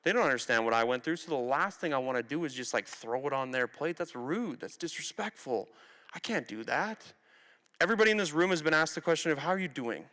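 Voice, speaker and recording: A young man from Canada tells his story to students from a theatre stage, candid and conversational, sometimes slipping into the voices of the people he quotes. His voice is bright and crisp. A long hall reverb trails behind every phrase. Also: on the high side, animated, quick pace. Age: 20s. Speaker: motivational speaker. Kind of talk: personal story talk to students.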